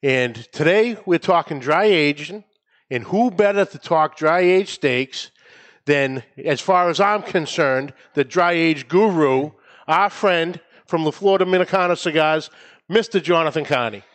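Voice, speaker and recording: A man hosting a podcast in a studio, speaking with a New England accent. He has a somewhat high voice and an upbeat, playful manner, laughing easily between lines. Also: measured pace, a bit bright. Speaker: podcast host. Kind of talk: casual podcast chat.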